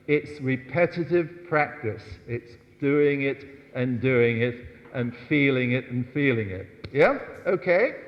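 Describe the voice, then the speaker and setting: An older man teaching a ballroom dance class, coaxing the dancers, counting out steps and often asking "yes?". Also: a little high. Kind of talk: dance workshop lesson. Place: large dance hall. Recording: dull distant hall sound.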